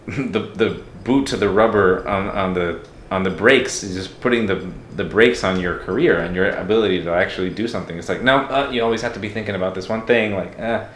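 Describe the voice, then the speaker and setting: A man's voice: sits low, brisk, hardly any pauses, reverberant, a little hiss or hum. A man from Mexico talking as a podcast guest, reflective and candid in a casual interview.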